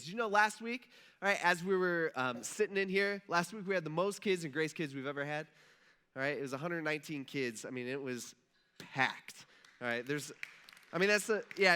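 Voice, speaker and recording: A pastor preaches to his church in a relaxed, chatty way. He tells the story like he is talking with friends and gives the people in it their own lines. His voice is a little high and very bright. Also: clean tone. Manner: casual, storytelling, acts out quotes. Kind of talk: sermon. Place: church auditorium.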